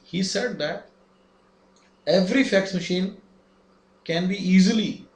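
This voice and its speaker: A man's voice: high voice, takes it slowly. A man giving a lesson, explaining step by step and asking rhetorical questions. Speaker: instructor. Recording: echoey room, faint ambience.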